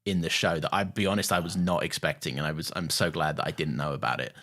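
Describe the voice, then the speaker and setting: A man's voice: a bass voice, steady tone, fast, fairly bright tone. A man co-hosting a podcast, talking enthusiastically and swearing freely in casual chat. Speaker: podcast co-host.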